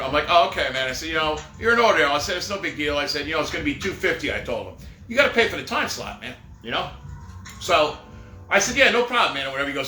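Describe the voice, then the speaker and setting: A man's voice: on the high side, big pitch swings, fast talker, pushed and bright. A middle-aged man telling rambling, jokey stories on a live stream and laughing at his own jokes, recorded in an echoey room with faint music behind. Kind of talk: casual storytelling.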